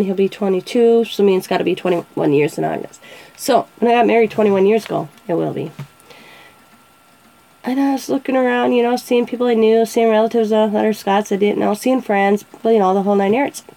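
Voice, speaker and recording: A woman's voice: mid-range voice, fairly even intonation, fairly quick, vocal fry, dark tone, low-quality recording. A woman in her forties hosting a casual show, chatting and telling funny family stories, often laughing and acting out what people said. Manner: chatty, laughs often, acts out quoted voices. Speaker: show host. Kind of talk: casual storytelling.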